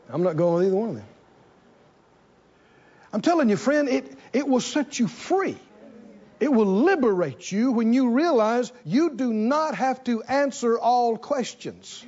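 A man preaching a sermon to a congregation, animated and repeating phrases for emphasis. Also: very high-pitched, takes it slowly, long pauses, highs cut off. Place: church in front of a congregation.

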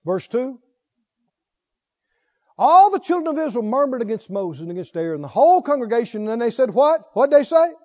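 High-voiced preacher, lively and calling out. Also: male voice, moderate pace, highs cut off. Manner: calls out questions to the congregation, reads scripture aloud with rising fervor. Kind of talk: sermon.

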